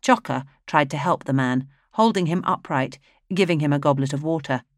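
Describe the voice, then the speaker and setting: A woman reading a dark fantasy novel aloud in a steady, even storytelling manner. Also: sits low, moderate pace, no echo, clean studio sound. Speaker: audiobook narrator. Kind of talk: scripted narration.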